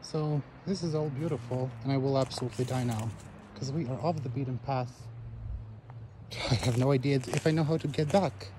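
Travel vlogger, man, mid-pitched voice with dramatic high yelps, handheld outdoor recording with clear background noise. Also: normal speed. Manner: dramatic, jokey self-talk with sudden high exclamations. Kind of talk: casual vlog narration. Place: outdoors, forest trail and riverside city. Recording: noisy outdoor camera recording. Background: outdoor ambience, flowing water.

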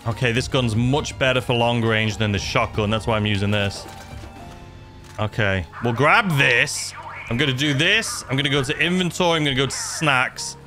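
A man's voice: mid-range voice, normal speed, pushed and bright, faint music behind. A young man commenting on his own gameplay, talking to himself anxiously and exclaiming often. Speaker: gaming YouTuber.

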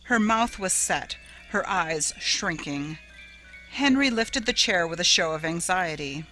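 Expressive woman reading a ghost story. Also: on the low side, unhurried, faint music behind, poor audio. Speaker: story narrator.

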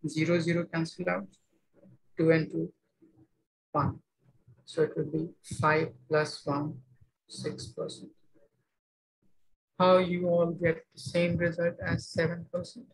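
A man teaching a maths class, explaining each step slowly and checking that students follow. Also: fairly high pitch, little pitch movement, creaky, poor audio. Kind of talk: online maths lecture.

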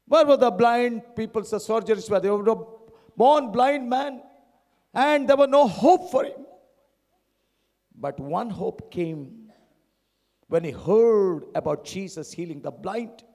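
A man preaching a sermon in a church, dramatic, swinging between loud shouts and hushed tones. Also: high voice, animated, unhurried, gravelly, long pauses. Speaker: lay preacher. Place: church hall. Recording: long hall reverb.

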